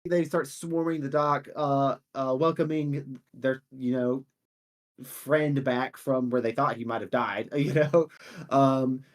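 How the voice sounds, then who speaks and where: A man's voice: mid-range voice, steady tone, slow pace. A man narrating a tabletop game as game master, loose and chatty with many fillers.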